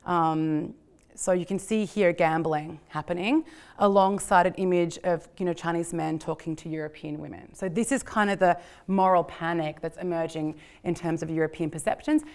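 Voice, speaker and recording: A woman's voice: fairly low pitch, fairly even intonation, normal speed, darkish tone. A woman giving an illustrated history lecture in a conversational way, with frequent fillers and repeated words. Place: lecture venue.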